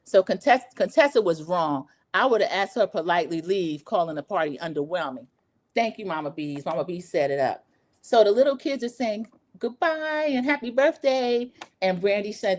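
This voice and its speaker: A woman hosting a casual reality show recap, chatty and lively, acting out the quotes she retells. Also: mid-range voice, moderate pace. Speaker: recap podcast host.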